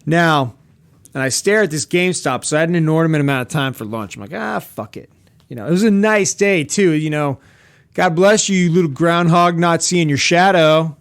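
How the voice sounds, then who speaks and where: A man's voice: fairly high pitch, fairly quick, clean tone. A young man hosting a podcast, telling a rambling, profane, sarcastic story in casual chat with chuckles and asides. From Pacific Northwest of the US. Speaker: podcast host. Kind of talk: casual comedic storytelling monologue.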